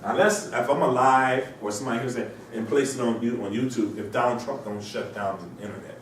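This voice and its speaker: Lecturing in a university classroom while nursing a cold, a male instructor rambles and fires rhetorical questions one after another. He speaks at medium pitch and a fairly quick pace, sounding distant in a very echoey room with faint hiss beneath.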